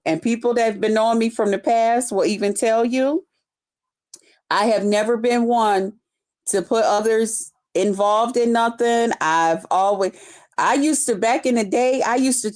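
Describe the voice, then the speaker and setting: A woman hosts a loose, unscripted live stream, chatting with her viewers and reading their comments aloud. She talks in an unhurried, drawn-out way and swears freely. Her laugh breaks in often between remarks. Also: on the high side, darkish tone. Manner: slow-talking, loose, profane, chatty. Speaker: livestream host reading her chat. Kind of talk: casual unscripted live chat.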